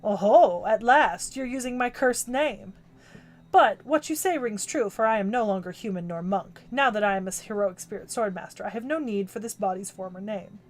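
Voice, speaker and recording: An actor playing a ruthless cursed warrior monk spirit in an anime dub, cold, boastful and mocking. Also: male voice, sits high, moderate pace, lightly acted. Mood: menacing.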